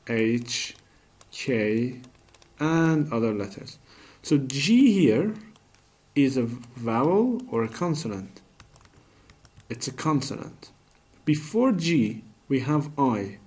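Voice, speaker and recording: Male teacher, patient classroom voice, unhurried, asks and answers his own questions. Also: medium pitch, a little mellow. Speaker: English teacher. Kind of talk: classroom grammar lesson.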